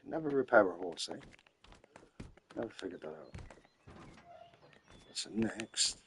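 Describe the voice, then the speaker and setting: Tired man with a low voice. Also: huge pitch swings, measured pace, vocal fry, background noise. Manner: rambling, repeats and restarts phrases, giving tips to viewers. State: tired, late at night. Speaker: gamer streaming his play. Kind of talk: casual gameplay commentary.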